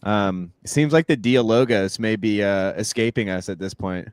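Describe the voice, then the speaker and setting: A man co-hosting a stream in relaxed, joking casual chat. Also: on the low side, moderate pace, clear, resonant tone, no echo. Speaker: stream co-host.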